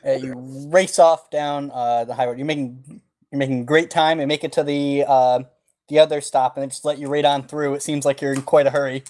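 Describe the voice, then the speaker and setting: A man's voice: medium pitch, steady tone, a little fast, a little mellow. A man narrating as game master of a tabletop game, laid-back and full of fillers. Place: home, over an online voice call.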